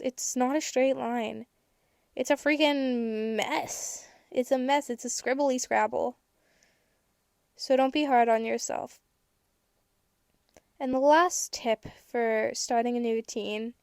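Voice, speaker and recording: A woman's voice: high-pitched, measured pace, vocal fry, no echo. Chatty teen girl, dry sound. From United States. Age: teens. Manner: candid and chatty, with casual swearing and bursts of excitement. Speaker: podcast host. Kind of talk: casual advice monologue.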